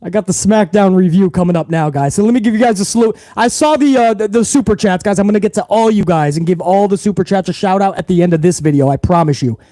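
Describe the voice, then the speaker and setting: A man's voice: sits high, quick pace, few pauses, warm tone, dry recording. A man hosting a wrestling livestream, talking casually and profanely straight to his viewers.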